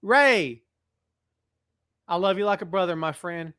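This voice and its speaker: A middle-aged man with a somewhat high voice hosts a live wrestling chat show. He greets his viewers with animated energy and speaks earnestly when he gets serious. He is recording alone in a large building. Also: quick pace, smooth, no echo, studio quality. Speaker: wrestling podcast host. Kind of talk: casual live-stream chat. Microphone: webcam setup.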